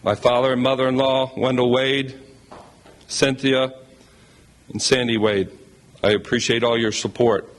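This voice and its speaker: A man's voice: medium pitch, little pitch movement, a little slow, pauses often. A man speaking as a new head basketball coach at a press conference, heartfelt, emotional and thankful.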